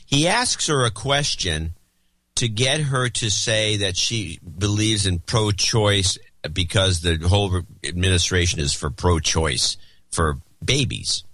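A man's voice: on the low side, pushed and bright. A man co-hosting a podcast in casual chat, with wry, dry humor. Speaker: podcast co-host.

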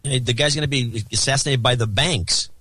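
A man's voice: medium pitch, a little fast, pushed and bright, slightly rough, dry recording. A male co-host making dry interjections in a casual political chat.

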